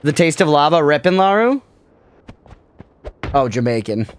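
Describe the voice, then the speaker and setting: This streamer's voice sits fairly high and swings widely in pitch, and his pace is relaxed, with slight noise in the background. Playing a video game live, he jokes around and responds to his chat in easygoing conversation.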